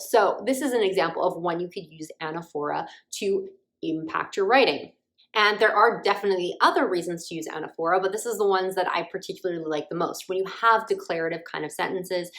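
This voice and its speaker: A woman teaching writing craft in a friendly explanatory talk, sometimes acting out short example lines. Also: lowish voice.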